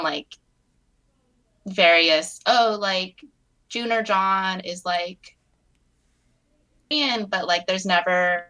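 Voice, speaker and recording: A woman reads her fan fiction aloud to friends on a call, in a casual, chatty way with fillers and quick laughs. The sound is plain, from a home computer mic. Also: fairly low pitch, a bit bright, rough recording. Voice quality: chatty, many fillers, laughs between phrases. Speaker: fanfic author reading her story.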